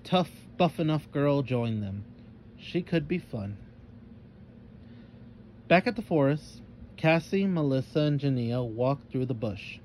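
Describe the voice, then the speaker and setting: A man reading a children's story aloud in a calm, measured narrating voice. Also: mid-range voice, a little hiss or hum.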